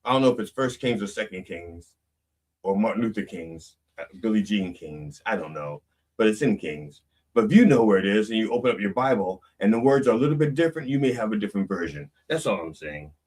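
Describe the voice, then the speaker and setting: Male reverend host, comedic sermon, rambling and self-correcting, very animated pitch, sitting off-mic. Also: fairly quick, recorded from a distance.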